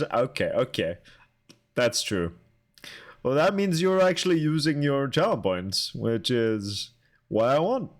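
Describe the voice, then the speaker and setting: A young man with a mid-range voice streams and chats casually with his viewers, answering chat aloud in a halting, talkative way.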